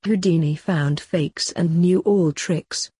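A woman, a poet and author, reading her own short story aloud in a steady, even storytelling manner. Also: lowish voice, slow pace, slightly rough, dry recording, studio quality.

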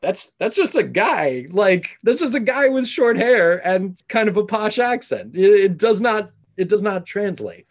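A man co-hosting a casual podcast chat, talking in an animated way with quick asides and the odd swear. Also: sits high. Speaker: podcast co-host.

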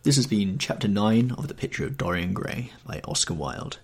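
A man who hosts a storybook podcast, reading a classic novel aloud in a measured, expressive way. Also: lowish voice, husky. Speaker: podcast host and reader. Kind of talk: scripted narration of a classic novel.

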